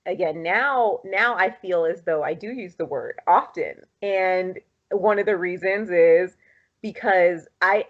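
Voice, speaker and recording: Animated woman telling stories, laughing often. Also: on the low side, dull audio. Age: 30s. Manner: animated storytelling, laughs often, acts out quotes. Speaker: podcast co-host. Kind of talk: casual chat.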